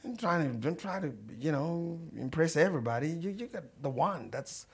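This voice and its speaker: A man preaching a sermon as a story, animated and swinging between loud and quiet, chuckling as he goes. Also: fairly high pitch, normal speed, husky. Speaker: pastor.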